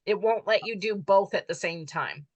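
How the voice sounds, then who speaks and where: A woman's voice: medium pitch, normal speed, highs cut off, a crowd in the background. Chatty woman leading an online class. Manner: friendly, chatty, says she is losing her voice. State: hoarse. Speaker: class leader.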